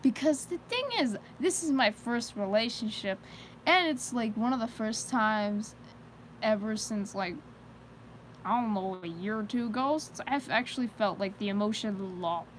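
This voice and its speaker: A woman's voice: mid-range voice, normal speed, slight background noise, poor audio. A teenage girl chatting casually on a live stream, rambling with many fillers and frequent giggles. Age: teens. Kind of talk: casual chat.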